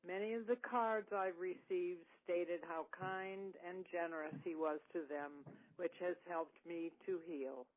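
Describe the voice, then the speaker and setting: Woman reading a tribute for a widow, gentle and even, tinny phone sound. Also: lowish voice, measured pace, hardly any pauses. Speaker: reader of a remembrance. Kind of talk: read memorial tribute.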